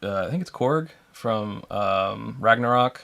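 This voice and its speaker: Male livestream co-host, gravelly voice, animated and loose, quick to laugh. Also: fairly low pitch. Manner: relaxed, chatty, laughs often. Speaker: co-host of a whiskey tasting livestream. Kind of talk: casual chat.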